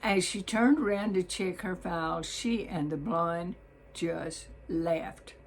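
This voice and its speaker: A woman from Mississippi with a Southern accent telling a personal story in a slow, deliberate drawl. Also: fairly low pitch, a little hiss or hum, rough recording.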